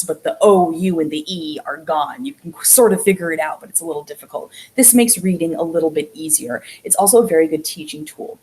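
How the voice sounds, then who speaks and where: A woman with a slightly low voice teaches a beginner language class online. She explains each point patiently and step by step, stretching out each sound she demonstrates. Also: a little mellow, poor audio. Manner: drawn-out sounds when showing vowels.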